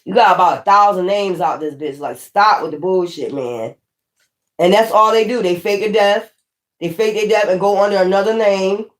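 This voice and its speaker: In a mid-range voice at a moderate pace, a woman reads tarot in a casual way. She's outspoken and profane, warning the viewer and hammering home her points through repetition.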